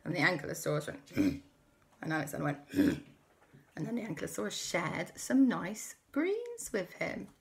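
A woman's voice: lowish voice, normal speed, gravelly. A woman host telling a playful, improvised children's story. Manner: playful, lively, many character voices.

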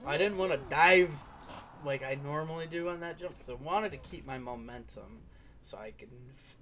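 A man's voice: a little high, moderate pace, bright, forceful tone, slight background noise. A young man giving playful, casual commentary over a game he is playing, singing along and slipping into goofy voices. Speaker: gaming streamer.

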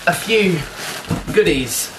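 A gushing, excitable young man, talking casually at home for his fitness vlog. His voice sits a little higher than most men's, and he rattles along in an eager, chatty way. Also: slow pace, heavy background noise. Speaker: fitness vlogger. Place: at home indoors.

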